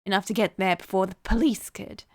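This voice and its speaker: A woman reading a cold, calm young man who craves violence, in an even, measured voice while reading a game aloud. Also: mid-range voice, a little hiss or hum, lightly acted.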